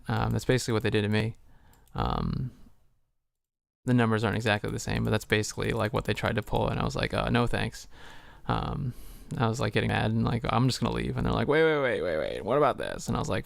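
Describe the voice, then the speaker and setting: A man's voice: fairly low pitch, creaky, no room sound. A man streaming from home, chatting casually with lots of fillers and some swearing, acting out both sides of a conversation as he tells it, with keyboard clicks behind him. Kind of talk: casual livestream chat.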